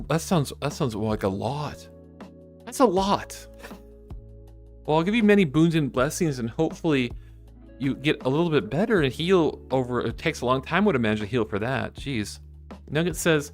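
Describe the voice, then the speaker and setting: Streaming live, this man reads his viewers' comments aloud in a loose, casual chat. His talk wanders off track with many restarts, and he's animated throughout, his pitch shooting up whenever excitement hits.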